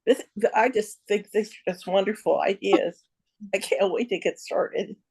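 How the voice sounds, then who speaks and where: A woman from Ohio asking a question on a group call. She speaks politely and gratefully, with a few hesitations and apologies, at a medium pitch. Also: moderate pace, gravelly, a little mellow, breathy edge. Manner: polite, appreciative, a little hesitant. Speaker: caller.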